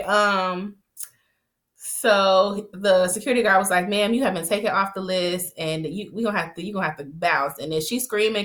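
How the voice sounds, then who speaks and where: A woman casually recapping a TV episode, retelling scenes in lively quoted voices with slang and laughter. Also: medium pitch. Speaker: TV recap vlogger.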